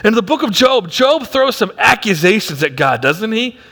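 A male pastor preaching a sermon with emphatic delivery that swings from loud to hushed, in a church auditorium. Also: sits high, very animated, moderate pace. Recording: long hall reverb.

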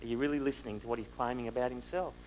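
A man preaching a sermon, asking the listeners rhetorical questions and moving between loud and hushed delivery. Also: medium pitch, fairly even intonation, racing, slight background noise, rough recording.

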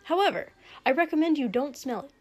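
A woman voicing a formal, polite young male attendant who speaks briskly and a little too cheerfully. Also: high voice, darkish tone, natural voice. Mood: insistent.

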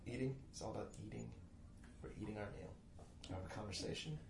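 A man talking casually as a podcast guest, an animated storyteller. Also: fairly low pitch, fast, vocal fry. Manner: animated storyteller, loud put-on family voices. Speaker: podcast guest, comedy writer. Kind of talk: casual chat. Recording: echoey room, faint noise.

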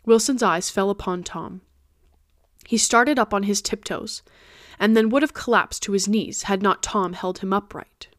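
A woman podcast host narrating a classic novel in a steady audiobook reading. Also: mid-range voice, moderate pace, dry recording, clean studio sound.

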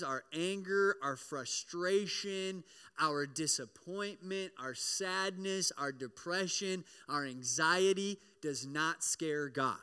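Bright, slow-talking preacher in a hall. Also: male voice, a little high. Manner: animated, conversational, often asks "right?"; acts out prayers and voices in quoted lines. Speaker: pastor. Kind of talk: sermon. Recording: long hall reverb.

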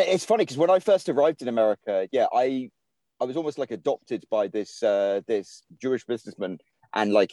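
A man's voice: lowish voice, dark tone, no echo. A man from England with a British English accent, a guest writer chatting casually in a rambling way, full of fillers and restarts. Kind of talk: casual podcast chat.

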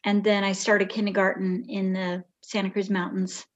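A woman's voice: mid-range voice, level tone, moderate pace. Older woman rambling through memories, lo-fi. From Bay Area, California. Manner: rambling, warm reminiscing with restarts. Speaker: podcast guest. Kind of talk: casual storytelling.

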